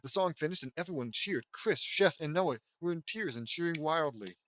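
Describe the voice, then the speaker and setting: A man's voice: on the high side, lively intonation, normal speed, a bit bright, a little hiss or hum. Sarcastic man reading fan fiction aloud. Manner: sarcastic, mocking asides. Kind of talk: comedic dramatic reading with commentary.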